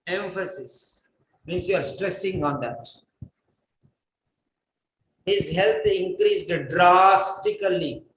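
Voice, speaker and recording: A man's voice: high voice, slow, long pauses, a bit bright. A man teaching an English writing class, giving a lecture and drilling instructions by repeating them again and again. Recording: echoey room.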